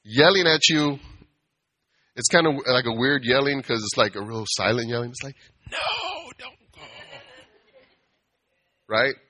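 A man's voice: mid-range voice, normal speed, pushed and bright. A man giving a casual, conversational sermon, playful and acting out quoted voices. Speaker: preacher.

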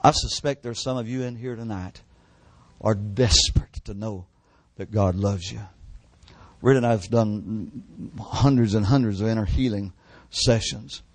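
An older man delivers a sermon at a church service, recounting his own story with fervent repetition. He sinks into hushed, near-whispered lines at the emotional peaks, and the recording is dry and close. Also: fairly low pitch, moderate pace, no echo. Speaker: preacher. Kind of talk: sermon testimony.

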